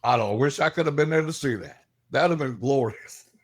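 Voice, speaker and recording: A middle-aged man, a guest telling animated stories and laughing as he acts out the voices in them. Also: mid-range voice, normal speed. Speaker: guest, paranormal investigator. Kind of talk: animated storytelling.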